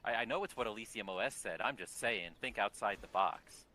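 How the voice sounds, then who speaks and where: A man's voice: fairly low pitch, brisk, bright, forceful tone. A man streaming a game, chatting casually with friends, laughing and swearing through teasing banter. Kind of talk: casual gaming chat.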